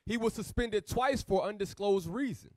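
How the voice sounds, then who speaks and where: A man reading news articles aloud in a plain, steady way. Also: high-pitched, moderate pace, dry recording, clean studio sound. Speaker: reader of texts for the teacher.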